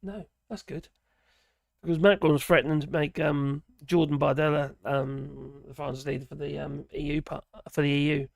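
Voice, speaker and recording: A man with a hoarse voice, rambling and chuckling as he hosts a live stream and reads out viewer chat. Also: a little high, flat delivery, moderate pace. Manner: rambling, chuckling, trailing off mid-sentence. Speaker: livestream host reading viewer chat.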